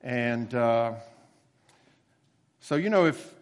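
A man preaching a sermon in a relaxed, conversational way, slowing down to stress key phrases. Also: mid-range voice, clean tone, big-room sound. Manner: conversational storytelling with emphatic slowed phrases.

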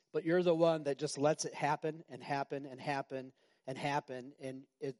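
A middle-aged male pastor preaching a sermon in a conversational way, repeating phrases and breaking into sudden shouts. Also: a little high.

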